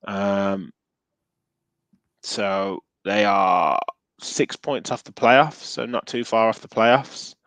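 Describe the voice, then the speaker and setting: A man's voice: fairly low pitch, slow pace, fairly bright tone, no room sound, poor audio. A man with a Midlands accent hosting a casual football podcast, chatting and reading out viewer comments with plenty of ums. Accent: English Midlands. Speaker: podcast host.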